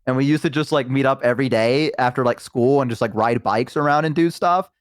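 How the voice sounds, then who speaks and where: A man's voice: mid-range voice, a little fast, smooth, no echo, clean studio sound. Guest streamer, a man, rambling storyteller who acts out quotes. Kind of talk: casual chat.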